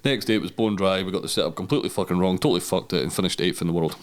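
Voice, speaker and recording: A man's voice: low-pitched, racing. A Scottish man, a podcast guest, telling his story in casual chat, swearing freely and acting out the dialogue as he goes. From Scotland.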